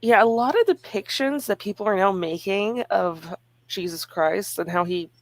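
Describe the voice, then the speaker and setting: A woman chatting casually on a stream in a relaxed way, sharing facts and laughing easily. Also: medium pitch, moderate pace. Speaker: webcomic co-creator streaming. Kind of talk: casual chat.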